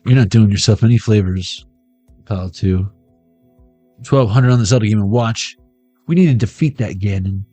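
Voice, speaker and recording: A man's voice: on the low side, moderate pace, pauses often, warm tone, dry recording, soft background music. A man giving a rambling, playful pick-a-card tarot reading, riffing from joke to joke. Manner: playful, riffing, jumps between jokes and impressions.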